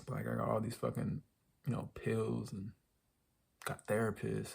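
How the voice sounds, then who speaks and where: Gravelly young man ranting casually. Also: fairly low pitch, monotone, normal speed, a little mellow. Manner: rambling, profane, with lots of fillers. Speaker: vlogger. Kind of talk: casual rant to camera.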